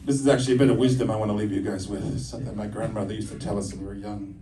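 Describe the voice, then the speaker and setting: A man's voice: on the low side, fairly even intonation. Male stand-up comic, mid-range voice, dry timing, recorded far off in an echoey room over a roaring crowd. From Ojibwe community. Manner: dry, teasing punchlines with pauses. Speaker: stand-up comedian. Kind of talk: stand-up comedy set. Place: comedy show stage on a campus, indoors. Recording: roomy stage sound from far off, loud audience laughter. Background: audience laughing.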